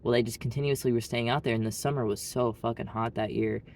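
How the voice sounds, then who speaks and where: A man's voice: mid-range voice, steady tone, quick pace, darkish tone, a little hiss or hum. A man from Arkansas with an Arkansas accent, telling a story in a blunt, rambling casual monologue full of "like". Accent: Southern US, Arkansas. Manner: blunt, rambling, heavy use of "like". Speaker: vlogger.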